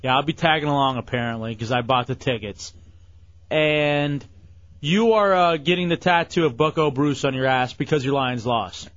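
A man's voice: medium pitch, normal speed, fairly bright tone. A man hosting a casual radio show, joking and teasing his guests. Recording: lo-fi radio broadcast.

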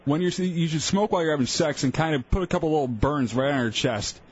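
A man's voice: a little high, fast talker, slightly rough. A man co-hosting a casual talk radio show, trading crude jokes and laughing often. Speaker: radio co-host. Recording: dry lo-fi radio broadcast.

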